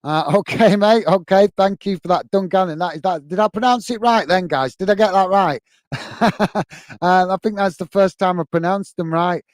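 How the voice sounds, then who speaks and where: A man's voice: sits high, brisk, few pauses, dry recording. A man from the UK hosting a live football fan stream, chatting casually and thanking viewers for their comments. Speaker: football channel host. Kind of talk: live stream chat reading.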